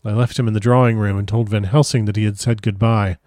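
Low-voiced man narrating solemnly. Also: little pitch movement, quick pace, darkish tone, no echo, clean studio sound. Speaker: audiobook narrator. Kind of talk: first-person literary narration.

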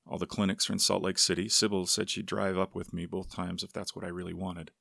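A man's voice: deep voice, flat delivery, a little fast, vocal fry, bright, forceful tone, no echo, studio quality, exaggerated voice. A man voicing a stubborn pregnant young woman in a read novel. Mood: earnest.

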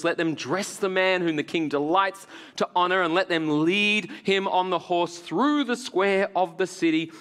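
Vain, scheming court official with a put-on English accent, smug and low; a man voices him. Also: clear, resonant tone. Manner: smug, self-satisfied, hushed. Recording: long hall reverb.

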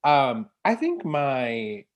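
A woman co-hosting a podcast, chatting casually about a TV show in an animated, rambling way full of fillers and restarts. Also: rumbling low, drawn-out words, muffled recording. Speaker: podcast co-host. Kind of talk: casual chat reviewing a TV show.

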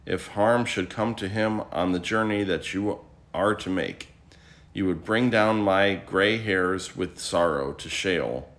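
A man's voice: deep voice, takes it slowly, a bit bright, full character voice. A man reading scripture aloud, voicing a grieving elderly father who refuses to let his youngest son go. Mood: sorrowful.

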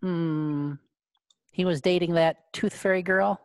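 A huge male bounty hunter in a tabletop game, creepy and oddly childlike, as a woman puts him on. He talks slowly in a lowish voice, halting as if he were weighing every word. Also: steady tone. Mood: creepy calm.

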